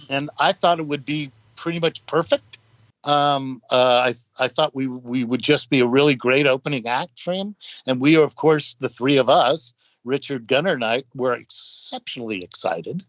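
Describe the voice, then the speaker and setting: A man's voice: mid-range voice, unhurried, no echo. An older man, a guest musician, telling casual stories and acting out what others said. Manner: rambling, acts out quotes of others. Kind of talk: casual anecdotal storytelling. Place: podcast studio. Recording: dull, dry studio audio.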